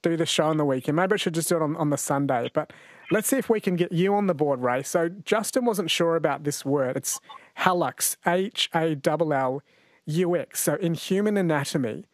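A man hosting a late-night radio quiz, chatty and quick to laugh, slowing down to read each question. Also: on the high side, no room sound. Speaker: radio host. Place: radio studio. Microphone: studio microphone.

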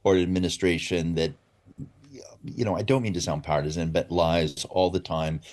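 A man's voice: low-pitched, fairly even intonation, normal speed, a little mellow. A man giving blunt, opinionated commentary in a radio interview. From United States. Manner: blunt and opinionated, with dry laughs. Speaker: commentator, former public radio editor.

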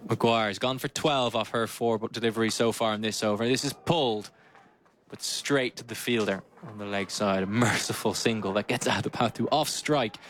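A man calling a cricket match ball by ball, brisk and lively, lifting his voice on big shots and slipping in dry asides. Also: lowish voice. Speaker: cricket commentator. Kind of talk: live ball-by-ball commentary.

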